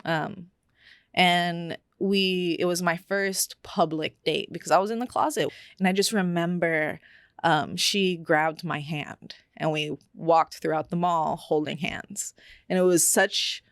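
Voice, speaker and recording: A lower-voiced young woman tells a candid personal story, unhurried and reflective and full of fillers. She is recorded close up in a dry, dead room. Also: steady tone, gravelly, dry recording.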